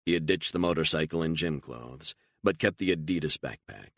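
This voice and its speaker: Very deep, gravelly man narrating. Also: fairly quick, no room sound, studio quality. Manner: steady, even reading. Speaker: audiobook narrator. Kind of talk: scripted narration.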